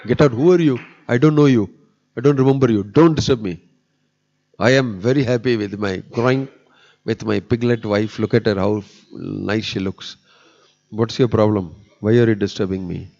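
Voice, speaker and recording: A man's voice: on the low side, moderate pace, creaky, darkish tone, big-room sound. A man voicing a lazy male demigod turned pig who brushes off visitors, recorded on dull lo-fi audio. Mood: contented dismissive. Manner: dismissive, brushing off callers.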